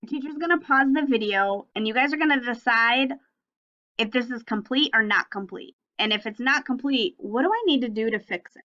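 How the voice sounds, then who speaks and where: A woman teaching young children a phonics and sentence lesson on video, speaking slowly and clearly in an encouraging way. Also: fairly high pitch, bright, forceful tone. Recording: slightly dull lo-fi audio.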